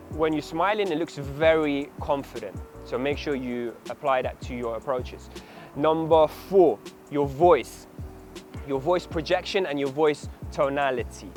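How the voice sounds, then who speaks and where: Brief: energetic male dating coach, slightly high voice, speaks outdoors in a city with faint music. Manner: animated, demonstrates approaches in acted voices. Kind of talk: direct-to-camera coaching talk.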